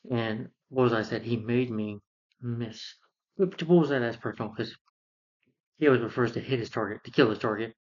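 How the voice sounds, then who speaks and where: A man's voice: mid-range voice, fairly quick, slightly rough. A man recapping a film plot in a casual, rambling way, with many fillers and restarts. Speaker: film reviewer. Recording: dull lo-fi sound.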